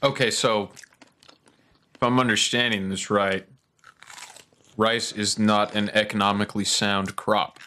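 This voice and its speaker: Man, podcast host, bright forceful tone, rambling casual chat. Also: on the low side, flat delivery, a little slow, pauses often. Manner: rambling, loose, laughs easily.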